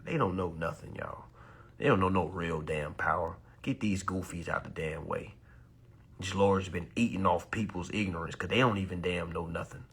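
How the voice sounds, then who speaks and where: A man, ranting loudly and preachily about banks, lawyers and people's rights, swearing as he goes. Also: low-pitched, normal speed, gravelly, husky. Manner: loud, animated, preachy, swearing, mocking voices. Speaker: consumer advice live streamer. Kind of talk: heated ranting talk.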